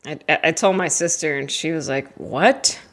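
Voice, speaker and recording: A young woman delivers a brisk, slightly bright stand-up set, chatty and self-deprecating. She drifts from topic to topic and breaks into squeaky, high voices for friends she imagines.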